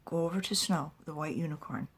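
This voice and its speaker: A woman voicing a dead female seer who speaks calmly and urgently in a dream, in a whispered role-play. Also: sits low, fairly quick, a little hiss or hum, lightly acted. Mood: urging. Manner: calm and urging.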